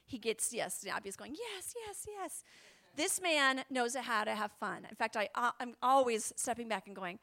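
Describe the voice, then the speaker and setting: A woman preaching a sermon, animated and chatty, often dropping to a whisper and laughing. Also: on the high side, normal speed, vocal fry, few pauses.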